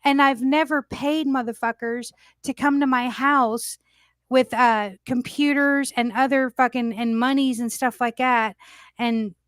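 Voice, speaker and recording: A woman's voice: sits high, steady tone, measured pace, no echo, studio quality. A woman hosting a casual livestream talk show, brash and emphatic, swearing freely.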